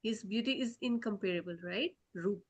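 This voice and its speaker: A woman teaching children, telling them a story in an animated way and often checking in to ask whether they follow. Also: medium pitch, normal speed, a crowd in the background.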